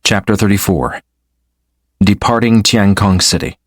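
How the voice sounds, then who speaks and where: A male audiobook narrator with a fairly low voice reads in a steady, measured way. The recording is dry and close, with no room sound. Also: no room sound. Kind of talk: scripted narration.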